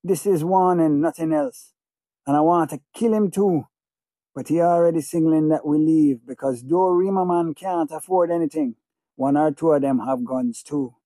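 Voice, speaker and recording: A man's voice: a little high, moderate pace, warm tone, no room sound. Male audiobook narrator, obsessive and feverish, dry close recording. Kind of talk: first-person audiobook narration.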